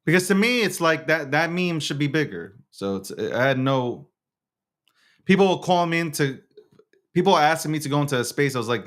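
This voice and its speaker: A man's voice: fairly high pitch, expressive, brisk, fairly bright tone. A man hosting his own show, talking in a casual, slangy monologue with lots of stammered restarts. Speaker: show host.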